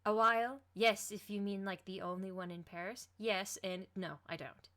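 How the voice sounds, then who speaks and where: A woman voicing a flustered, secretive teenage girl superhero, hushed and nervous. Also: mid-range voice, fairly even intonation, normal speed, close to an everyday voice. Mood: exasperated.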